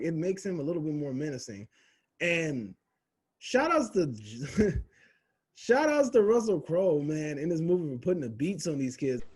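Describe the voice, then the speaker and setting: Husky slangy man reviewing a film. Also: on the high side, a little mellow. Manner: loose, profane, rambling slang.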